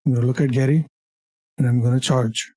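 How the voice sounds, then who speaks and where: A player in a tabletop game, talking casually and haltingly through their moves. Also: medium pitch, steady tone, dark tone, no echo. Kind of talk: tabletop role-play.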